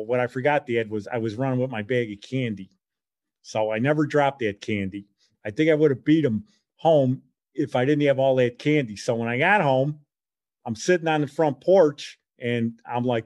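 A middle-aged man telling a childhood story in a casual, animated way, acting out the voices he quotes. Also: mid-range voice, normal speed, no echo.

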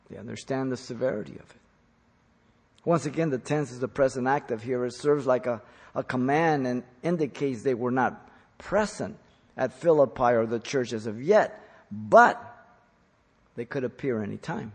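A man preaching a teaching sermon on scripture, stressing key words loudly and then dropping to quiet asides. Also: mid-range voice, normal speed, breathy edge. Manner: emphatic, swings from loud stresses to quiet asides. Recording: long reverb of a large hall.

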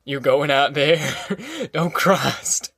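A man's voice: fairly high pitch, steady tone, unhurried, fairly bright tone, no room sound, studio quality. A man voicing a bitter, worn-down male migrant in an audiobook, with a sly, mocking manner and a drawl. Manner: sly, mocking giggles turning grim and weary.

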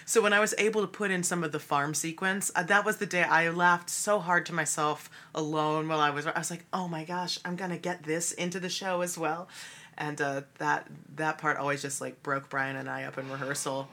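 Helle, kräftige Frauenstimme im Gespräch. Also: female voice, deep voice, fairly even intonation, brisk, bright, forceful tone. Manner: chatty, laughing often, many fillers. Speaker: musical theatre actress and cabaret creator. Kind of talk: casual interview chat.

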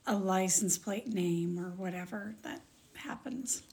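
A woman, a mother, co-hosting a podcast, telling a personal story in casual chat and acting out the quoted dialogue in a higher voice. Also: measured pace, dark tone. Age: adult with children. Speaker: podcast co-host.

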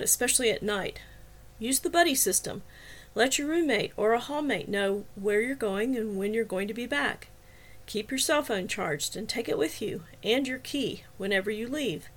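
A confident male campus security officer briefs a room on safety, steady and self-assured, as a woman reads him in an audiobook. The voice stays fairly high and even, with plain, instructive delivery.

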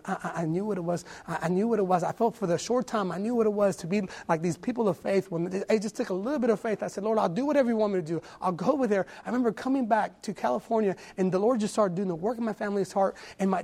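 A man's voice: high voice, darkish tone, husky. A young adult man giving an earnest sermon testimony, often repeating and restarting his words.

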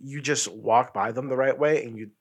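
A man co-hosting a casual podcast chat, an animated storyteller who swears often and acts out what people said. His first language is Spanish. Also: mid-range voice, normal speed, breathy edge. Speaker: podcast co-host.

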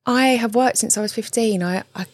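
A woman's voice: on the high side, a little fast, dry recording. A British woman in her thirties, a relationship coach, talking earnestly as a guest with emphatic repeated phrases and tag questions. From Britain. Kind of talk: conversational interview.

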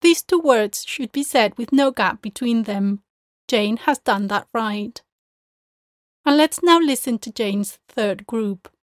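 A woman's voice: on the high side, lively intonation, no echo. Dry-voiced woman teaching pronunciation. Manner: clear, measured explanations that model Spanish words slowly. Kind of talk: scripted podcast lesson.

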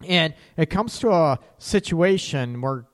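Lively, candid man hosting a relationship talk. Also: fairly high pitch, unhurried. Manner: candid, laughs at his own slips, keeps adding "right?". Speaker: relationship talk show host. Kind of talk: casual livestream chat.

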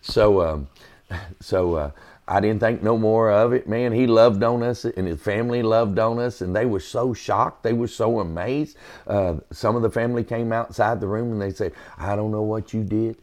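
Gravelly man telling a faith story. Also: lowish voice, moderate pace, a little mellow. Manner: earnest storytelling, quotes himself and others, preacherly emphasis. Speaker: podcast host, former EMT. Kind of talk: personal faith testimony.

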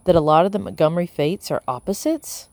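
A woman voicing an earnest young boy in an audiobook, with a slow, drawn-out delivery. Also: on the low side, gravelly, darkish tone, no room sound.

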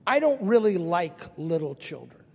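An older man preaching in a high, bright register, with lively storytelling and a touch of self-mockery. He speaks directly to the congregation. His voice rings out into a large church hall with a long reverb tail. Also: moderate pace, husky. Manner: animated storytelling with self-deprecating humor. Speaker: pastor. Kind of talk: sermon.

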